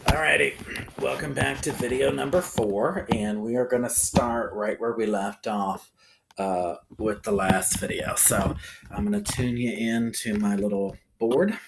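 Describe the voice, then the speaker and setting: A man teaching a recorded phonics lesson to children, talking in a slow, sing-song way and checking in often with the listener. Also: medium pitch, expressive, creaky, background noise. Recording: echoey room.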